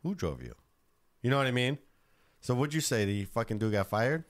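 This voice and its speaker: A man's voice: mid-range voice, fairly quick. A man hosting a casual podcast, laid-back and swearing freely, laughing between his points. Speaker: podcast host.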